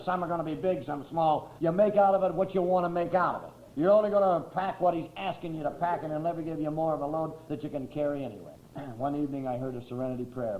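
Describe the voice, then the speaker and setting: A man telling his recovery story to a meeting in a folksy, wry way, often clearing his throat. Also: on the high side, slight background noise. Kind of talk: personal recovery talk. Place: meeting hall with a crowd. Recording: tinny, roomy old tape recording.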